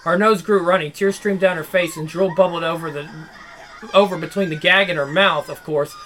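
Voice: mid-range voice, steady tone, moderate pace, a bit bright, a little hiss or hum. A reader narrating a horror visual novel aloud, dramatic and broken by nervous laughs.

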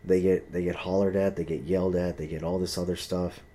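A man's voice: sits low, level tone, brisk, mellow. A young man in a casual, profane, heated monologue, telling a story and acting out the voices of the people in it.

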